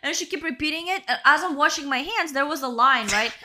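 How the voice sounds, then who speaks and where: A woman's voice: high voice, fast, a loud crowd. A young woman co-hosting a podcast, telling a casual story, swearing and often adding "bro" and "right?". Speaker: podcast co-host. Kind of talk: casual chat.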